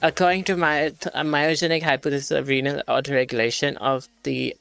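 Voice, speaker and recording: A man with a somewhat high, gravelly voice reads study questions aloud on a casual stream, half muttering to himself. He stumbles, corrects himself and swears when he gets stuck. Soft music plays faintly behind him. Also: level tone, fairly quick, no echo.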